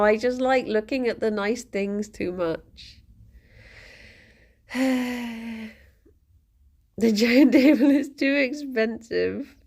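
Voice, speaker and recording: A woman with a medium-pitched voice and vocal fry streams from home, chatting to her live audience in a rambling, easygoing way and often bursting into laughter.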